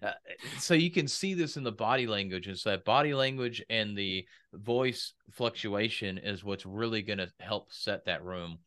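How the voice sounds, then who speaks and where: A man's voice: lowish voice, moderate pace, fairly bright tone. A man talking casually in a podcast conversation about speaking and business, and he acts out quoted voices.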